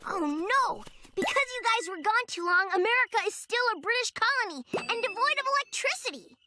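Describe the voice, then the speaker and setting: A woman voicing a cheeky, impatient ten-year-old boy in an animated cartoon, speaking in quick, excited outbursts. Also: very high-pitched. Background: background music.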